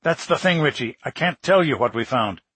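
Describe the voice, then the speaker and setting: A man's voice: medium pitch, animated, moderate pace, a bit bright, slightly rough, no room sound. A man doing a giddy Brooklyn guy. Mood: excited teasing. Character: excited young Brooklyn man, secretive, teasing.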